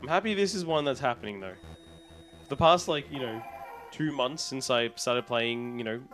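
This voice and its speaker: A man's voice: mid-range voice, normal speed, a bit bright, soft background music. Tired Australian man streaming a game. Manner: rambling, chatty, talks to chat while resetting a game. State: tired, yawning. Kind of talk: casual live-stream chat.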